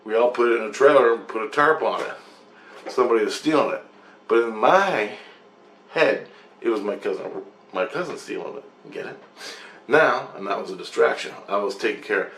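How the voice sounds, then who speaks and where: A man in his apartment telling a dream story in a rambling, profane, animated way. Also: lowish voice, moderate pace, reverberant, a little hiss or hum. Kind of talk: casual storytelling. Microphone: camera mic.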